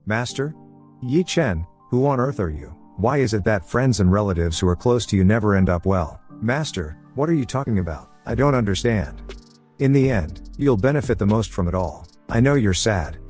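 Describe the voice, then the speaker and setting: A man reading a story recap as narrator, voicing every character himself in a flat read-through. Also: lowish voice. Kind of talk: scripted recap narration, voicing all roles.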